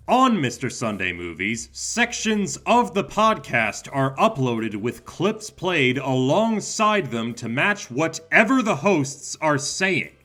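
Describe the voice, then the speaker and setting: A man narrating a scripted explainer video in a wry, deadpan way. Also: fairly high pitch.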